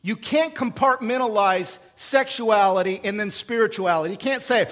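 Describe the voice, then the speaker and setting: A man preaching a sermon in a conversational, emphatic way, with rhetorical questions and swings between loud bursts and quiet asides. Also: high voice, normal speed, few pauses. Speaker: pastor.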